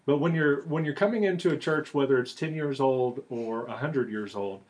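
A man co-hosting a podcast in a loose, joking way. He rambles with lots of "uh"s, drops teasing jabs, and his voice sits at an ordinary middle pitch. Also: normal speed. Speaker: podcast co-host and church replanting author. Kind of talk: casual podcast chat.

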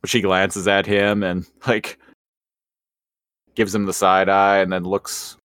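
Low-voiced laid-back man. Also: flat delivery, slow, a bit bright, no echo. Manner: laid-back, dry quips. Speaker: podcast co-host. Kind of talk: casual recap chat.

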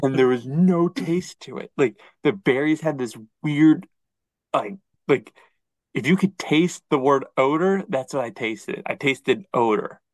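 A man co-hosting a podcast, chatting casually and acting out quoted dialogue in an animated storytelling manner. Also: medium pitch, a little slow, no echo, poor audio. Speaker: podcast co-host. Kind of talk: casual chat.

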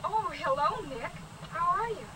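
A woman's voice: very high voice, animated, measured pace. An actress playing a polite young 1950s girl on the phone in an old educational film, speaking in a sweet, eager, formal way. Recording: noisy old film soundtrack from afar.

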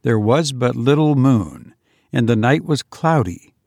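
A man narrating a ghost story in a measured, steady way. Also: mid-range voice, gravelly, no room sound, clean studio sound. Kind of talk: scripted narration.

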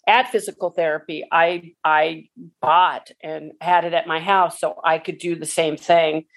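A woman in her forties, a pickleball player, telling a personal story in an emotional, halting way with many restarts. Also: deep voice, steady tone.

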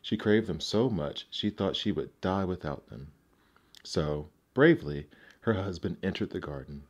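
A man narrating classic fairy tales aloud in a measured, gentle storybook manner. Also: low-pitched, expressive, lo-fi sound.

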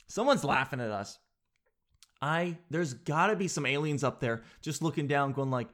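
A man's voice: fairly high pitch, lively intonation, moderate pace, fairly bright tone. A young man hosting a casual solo show, rambling and joking in a slangy way. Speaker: podcast host.

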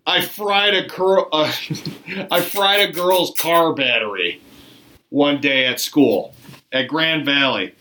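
A man telling a funny story in a casual chat, animated and laughing, swearing freely. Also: on the high side, takes it slowly, slight background noise.

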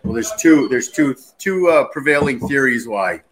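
A man co-hosting a casual beer chat as the bar owner, relaxed and explaining things with easy humor. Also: medium pitch, moderate pace, slight background noise.

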